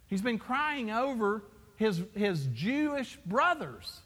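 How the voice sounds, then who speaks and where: Pastor guy preaching, super high voice for a man, big long echo like a church hall. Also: big pitch swings, takes it slowly, a bit bright. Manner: emphatic, rhetorical questions to the congregation. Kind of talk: sermon.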